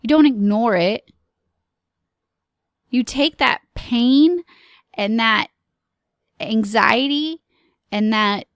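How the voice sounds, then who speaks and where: A woman speaking on a motivational podcast, unhurried and measured, with a gravelly fry in her voice. She talks to the listener earnestly and encouragingly, recorded close on a dry mic. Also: fairly high pitch, no room sound. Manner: earnest, encouraging, speaks in slow deliberate phrases. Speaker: podcast host.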